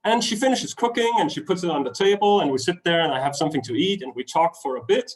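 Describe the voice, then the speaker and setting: A man's voice: fairly high pitch, fast talker, low-quality recording. A man from Denmark with a Danish accent, telling a travel story in a web talk and acting out the voices of people in it. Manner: animated, acts out voices in his story. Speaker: travel speaker. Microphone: webinar computer mic.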